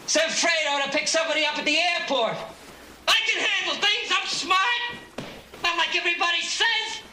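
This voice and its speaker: An actor playing a whiny, insecure younger brother, aggrieved and pleading in a film scene. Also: male voice, very high-pitched, moderate pace, bright, forceful tone, a little hiss or hum, full character voice. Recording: roomy film soundtrack.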